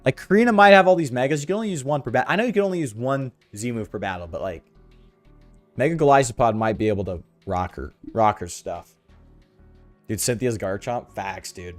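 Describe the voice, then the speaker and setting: Young dude w sore throat hyping up a game, bro this bro that, pitch all over, dry mic. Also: male voice, fairly quick, dry recording, soft background music. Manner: slangy, excitable, lots of "dude" and "bro". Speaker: gaming video host. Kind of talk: casual game commentary.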